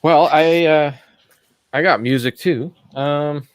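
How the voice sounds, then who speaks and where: Relaxed halting man, dry mic. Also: fairly high pitch, smooth, dry recording. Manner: relaxed, halting, many uhs. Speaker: co-host of a live collecting chat show. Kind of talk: casual chat.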